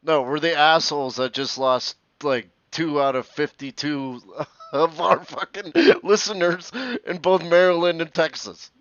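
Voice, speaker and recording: A man's voice: a little high, steady tone, unhurried, fairly bright tone, clean tone, dry recording. A man co-hosting a podcast in casual banter. He is sarcastic, swears and laughs often. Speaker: podcast co-host. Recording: dull, dry close mic.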